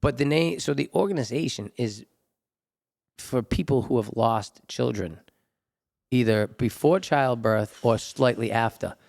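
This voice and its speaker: A male comedian, hosting and telling stories in a casual chat, animated, jumping into high voices for quotes. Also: a little slow, vocal fry. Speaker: comedian and podcast host. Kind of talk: casual storytelling.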